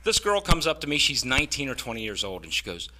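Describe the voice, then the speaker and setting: A man performing a stand-up comedy set on stage, delivering his punchlines dry and deadpan. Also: mid-range voice, fast, very noisy. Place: comedy stage with a live audience.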